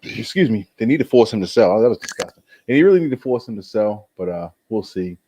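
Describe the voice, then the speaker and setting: A man's voice: lowish voice, fast, slight background noise. A man co-hosting a podcast in casual sports chat, laid-back and saying "man" often. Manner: laid-back, says "man" a lot, lively intonation. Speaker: podcast co-host.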